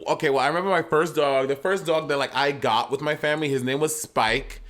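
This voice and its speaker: A man's voice: a little high, brisk, a bit bright. A man from Saint Lucia co-hosting a podcast, chatting casually, rambling through stories and laughing readily. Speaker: podcast co-host. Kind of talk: casual chat.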